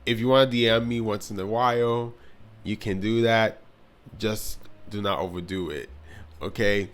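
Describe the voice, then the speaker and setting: A man's voice: fairly low pitch, steady tone, unhurried, clear, resonant tone. A young man giving an earnest, blunt commentary on his vlog, now and then sarcastic. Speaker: video commentator.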